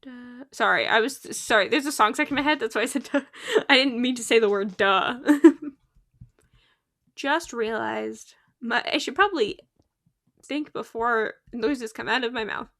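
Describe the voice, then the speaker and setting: A woman's voice: fairly high pitch, moderate pace, creaky, pushed and bright. Giggly young woman streaming a game. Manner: chatty and giggly, laughs often at herself. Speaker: live streamer. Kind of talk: casual chat while playing a game.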